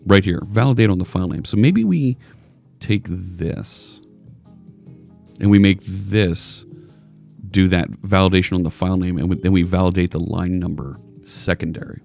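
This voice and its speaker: A man's voice: deep voice, normal speed, creaky, a little mellow, faint music behind. A man hosting a casual live coding stream, chatting loosely and joking with viewers as he works. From United States. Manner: rambling, chatty, jokey.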